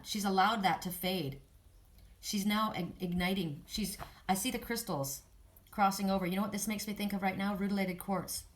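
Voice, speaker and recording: A woman giving a spiritual oracle card reading, speaking in an earnest, soothing way with affirmations. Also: medium pitch.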